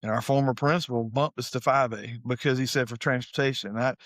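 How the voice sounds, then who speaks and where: A man's voice: medium pitch, fast talker, dry recording. Folksy man, dry close sound. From Savannah, Georgia, US. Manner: folksy, animated storytelling. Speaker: high school head football coach, guest. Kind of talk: casual storytelling interview.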